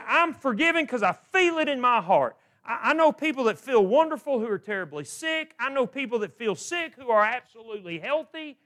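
A man's voice: very high voice, fairly bright tone. A middle-aged man preaching a sermon, asking questions of his listeners and often repeating words as he restarts.

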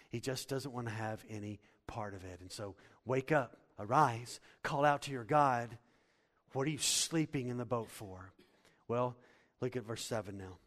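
A man preaching a sermon in a church, dramatic, swinging from hushed tones to loud exclamations. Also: medium pitch. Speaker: pastor. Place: church hall. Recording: long hall reverb.

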